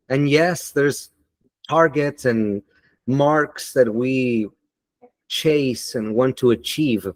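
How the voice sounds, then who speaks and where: A man giving an online teaching webinar in a deliberate, emphatic and motivational way, on a computer mic over a video call. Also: fairly high pitch, no room sound.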